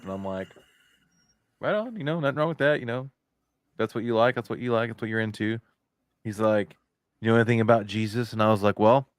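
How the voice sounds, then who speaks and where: A man with a lowish voice, recorded with clean studio sound and no echo, co-hosts a podcast. In casual chat he tells a rambling story about his factory work, swearing freely.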